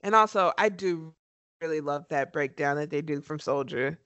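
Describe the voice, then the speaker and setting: A woman's voice: sits low, normal speed, fairly bright tone, dry recording. A woman co-hosting a podcast in casual chat, enthusiastic and emphatic as she gushes. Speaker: podcast co-host.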